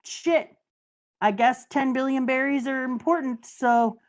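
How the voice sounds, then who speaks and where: A woman's voice: high voice, a little slow. A woman voicing a flustered, put-upon male king who sounds whiny and exasperated.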